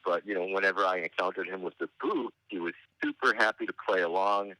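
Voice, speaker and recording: Middle-aged male guest, rambling anecdotal storyteller, wry and halting, lowish voice with a very bright, forceful edge, dry close sound. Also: no room sound, rough recording. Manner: meandering, halting delivery with frequent hesitations. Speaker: interview guest.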